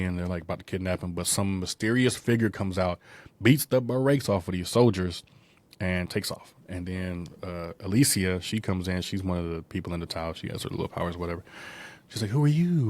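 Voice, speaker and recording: This deep, steady, darkish male voice comes through with no echo. He hosts a loose movie podcast, recapping the plot in a digressive, filler-heavy way and switching into quick character voices.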